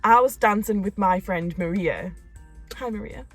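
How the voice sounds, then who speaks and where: A young woman, telling a story in a casual chat, animated and quick to laugh. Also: mid-range voice, faint music behind. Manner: animated, laughing, acts out quotes. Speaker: co-host of a couple's channel.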